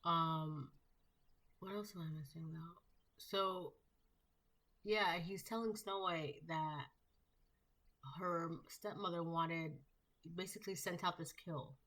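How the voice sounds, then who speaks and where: A woman with a low voice gives a casual tarot reading. She rambles, full of fillers and restarts. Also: fairly even intonation, slow, pauses often, a bit bright. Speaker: tarot reader.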